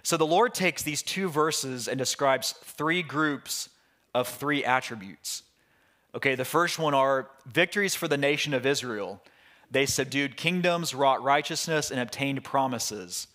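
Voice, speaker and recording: A man's voice: medium pitch, measured pace, bright, forceful tone. Man teaching the Bible casually. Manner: conversational, with restarts and asides. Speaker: pastor.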